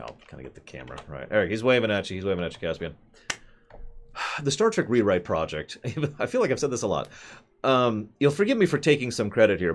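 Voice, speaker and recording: A man hosting a casual chat over a video call, rambling and joking at his own expense. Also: deep voice. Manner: rambling, jokey, self-deprecating. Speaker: host.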